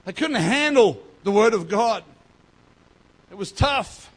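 High-voiced man preaching emphatically. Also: animated, slow, slightly rough. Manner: emphatic preaching with quoted voices, swinging loud and soft. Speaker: pastor. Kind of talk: sermon.

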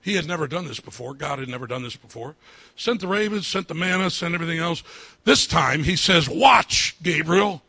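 A male pastor preaching a sermon, repeating his phrases and building up to fervent shouting. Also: fairly high pitch, fairly quick, breathy edge, dry recording.

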